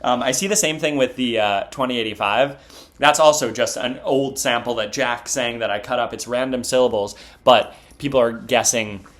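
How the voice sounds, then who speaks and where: A young musician talks through fan questions in a relaxed, reflective way. His humor is dry, and his voice sits in a middle pitch. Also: normal speed, slight background noise. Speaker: band member and producer. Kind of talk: casual interview chat.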